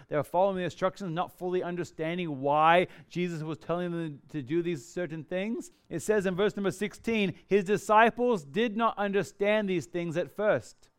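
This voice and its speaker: A pastor preaches with a smooth, resonant voice sitting a little high for a man. He climbs loud and bright when quoting the crowd's cries, then sinks soft and slow to invite reflection. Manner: preaches with wide swings, rising loud on quotes and dropping soft on reflection. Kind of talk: sermon.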